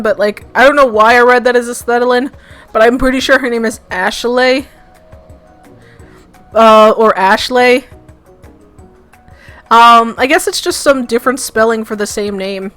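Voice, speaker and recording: A woman's voice: a little high, steady tone, normal speed, long pauses, a bit bright, faint music behind. A young woman from Brooklyn with a Brooklyn accent, giggly and rambling with many fillers as she reads and chats through a game as a let's play host. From Brooklyn, New York. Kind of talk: casual game commentary and reading aloud.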